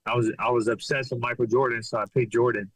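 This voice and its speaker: A man from Los Angeles, a fighter, being interviewed as a podcast guest and speaking in a laid-back, halting way with lots of repeated words. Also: medium pitch, level tone, no echo, rough recording. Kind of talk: casual interview chat.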